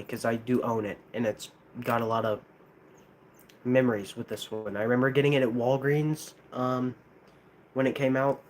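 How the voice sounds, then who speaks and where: A man's voice: medium pitch, a little hiss or hum. Hesitant man with a lisp. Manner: hesitant, halting, many restarts. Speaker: streamer ranking plush toys. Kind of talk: casual live-stream chat.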